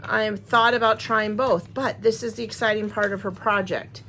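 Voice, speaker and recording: A woman's voice: mid-range voice, fairly even intonation, normal speed, pushed and bright, slight background noise. A woman chatting casually to her viewers, rambling and friendly as she unboxes crochet supplies. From Wisconsin, USA. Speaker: crochet vlogger.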